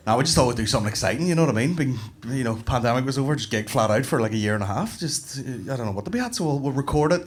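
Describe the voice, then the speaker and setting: A man's voice: mid-range voice, expressive, rapid-fire, few pauses. A young man with a Northern Irish accent doing a sweary stand-up set, bantering with a live crowd. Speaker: stand-up comedian. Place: comedy club stage before a live audience. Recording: live club recording with clear background noise.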